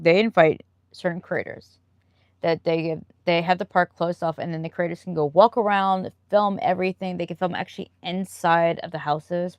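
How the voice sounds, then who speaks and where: A woman's voice: on the low side, dry recording, muffled recording. A woman live streamer chatting casually and answering viewer comments, rambling and laughing often.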